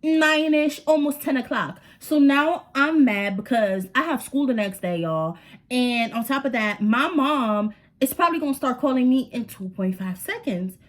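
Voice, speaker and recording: A young woman tells a story straight to her viewers, chatty and dramatic, full of slang and asides to y'all. Her voice sits a little high. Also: lively intonation, moderate pace, a little hiss or hum. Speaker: storytime vlogger. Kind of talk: casual storytelling to camera.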